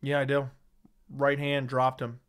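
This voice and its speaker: A man's voice: medium pitch, completely flat delivery, unhurried, fairly bright tone, clean tone. A man hosting a casual livestream, reading viewer chat aloud and giving blunt, sarcastic, slangy replies into a studio microphone.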